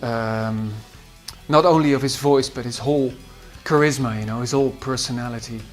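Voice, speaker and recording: A man with a Dutch accent, a musician recalling studio sessions in a halting way with many fillers. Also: medium pitch, faint music behind. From Netherlands. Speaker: musician and producer. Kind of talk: behind-the-scenes recollection.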